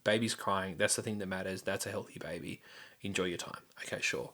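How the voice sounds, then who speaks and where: A young man tells a story on his podcast in a loose, chatty way, circling back with restarts and fillers. His voice sits a little low but has a bright, forward edge, and he swears casually as he goes. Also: steady tone, a little fast. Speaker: podcast host.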